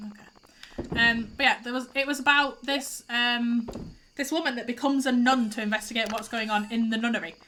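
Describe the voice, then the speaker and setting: A woman's voice: a little high, bright, forceful tone, slight background noise. A young woman chatting casually while live-streaming a farming game, teary and stuffy-nosed from crying, rambling and reacting aloud as she plays.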